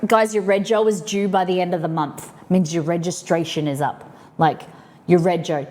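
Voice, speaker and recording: On her livestream, an Australian woman casually explains slang to her viewers, rambling along with plenty of "like" fillers. Her voice is lowish and her pace measured.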